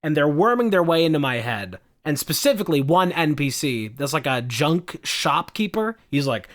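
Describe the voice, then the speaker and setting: A man co-hosting a podcast, chatting casually and excitedly about video games. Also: a little high, normal speed, few pauses. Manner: excitable, quotes game lines. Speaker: podcast co-host. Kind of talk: casual chat.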